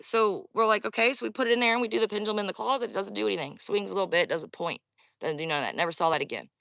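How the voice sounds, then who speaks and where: A woman's voice: medium pitch, very fast, creaky, a bit bright, no room sound, studio quality. A woman telling her own spooky experience in a casual, rambling way, talking straight to her viewers. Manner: chatty, rambling, addresses viewers directly. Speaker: storyteller. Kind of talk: casual first-person storytelling.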